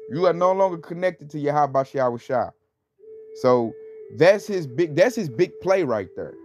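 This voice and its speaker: Unhurried and a bit mellow, a slightly high male voice with lively intonation gives a rambling religious talk. He peppers it with fillers and scornful emphasis, recorded in dull lo-fi quality with faint music.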